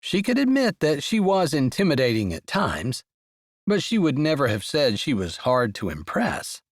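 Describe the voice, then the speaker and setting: A man narrating a romance audiobook in an expressive storytelling voice. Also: on the high side, moderate pace, dry recording, clean studio sound.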